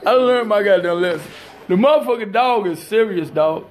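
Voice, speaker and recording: A man with a strikingly high voice. He tells his story in a casual vlog, emphatic and full of swearing, breaking into laughter. It sounds like a phone camera held by a friend. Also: animated, moderate pace, a little hiss or hum. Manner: profane, emphatic, laughing often. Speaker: storyteller recounting a police dog bite.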